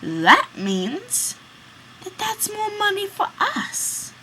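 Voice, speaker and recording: A woman's voice: extremely high pitch, huge pitch swings, drawn-out words, noisy background, voice pushed up, full character voice. A woman voicing a bossy young man who leads and plots against his friend. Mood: scheming. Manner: commanding, plotting. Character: bossy scheming young ringleader.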